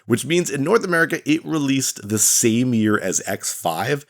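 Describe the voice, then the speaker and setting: A man's voice: medium pitch, expressive, normal speed. A man hosting a let's-play, talking in a rambling way with lots of fillers and self-corrections. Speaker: gaming channel host. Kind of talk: casual let's-play commentary.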